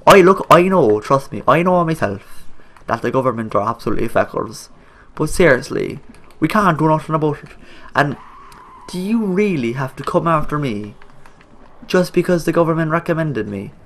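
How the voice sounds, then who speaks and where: In this let's play commentary, a young man with an Irish accent speaks in a fairly high, fairly bright, expressive voice at a moderate pace. He jokes and rambles as he plays, answering the game's characters and swearing heavily in coarse slang.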